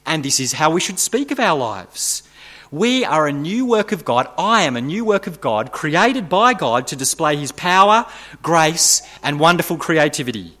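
A man preaching an earnest sermon, his pitch sitting a little high and swinging widely as he builds toward emphatic, rising peaks. He repeats key phrases for effect and then drops back to a quieter, more personal tone. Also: very animated, unhurried.

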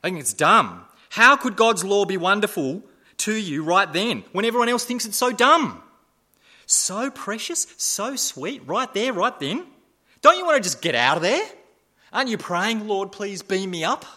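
A man preaching a sermon, asking repeated rhetorical questions and swinging between loud emphasis and hushed asides. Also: sits high, big pitch swings, normal speed.

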